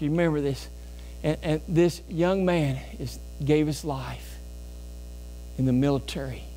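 A man preaching a sermon as pastor in a church, emphatic, with sudden loud bursts and folksy storytelling asides. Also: a little high, a little hiss or hum. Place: church sanctuary.

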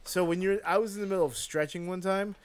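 A man in casual chat, talking in a halting, wry way. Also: sits high, fairly even intonation.

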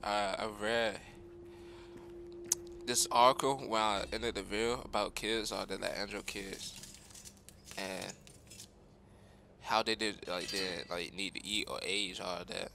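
A man's voice: lowish voice, steady tone, a little slow, creaky, pauses often, background noise. A young man casually commenting on a game he is playing, rambling in slang and chatting to his viewers. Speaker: gaming streamer.

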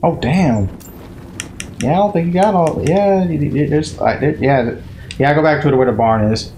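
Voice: mid-range voice, normal speed, dark tone, slight background noise. A co-commentator on a game stream, giving directions and teasing the player. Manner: gives directions and teases. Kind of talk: casual gameplay commentary.

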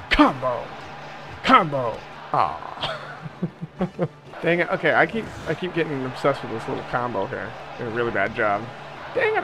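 A young man giving casual, joking commentary as he plays a video game, chatty and self-mocking. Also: medium pitch. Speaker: gaming channel host. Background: game music.

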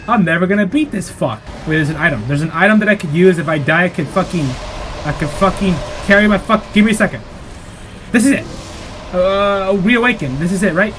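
Foul-mouthed man yelling over a game. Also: fairly high pitch, animated, moderate pace, soft background music. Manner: profane, jumpy, yelling outbursts and self-mocking jokes. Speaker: gameplay streamer. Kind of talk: live gameplay commentary.

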